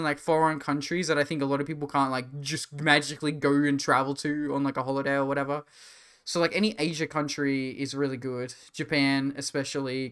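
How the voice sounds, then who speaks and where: Male streamer, casual chatty rambler, clean crisp voice. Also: a little high, fairly bright tone. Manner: rambling, chatty, reads chat aloud. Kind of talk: casual live-stream chat.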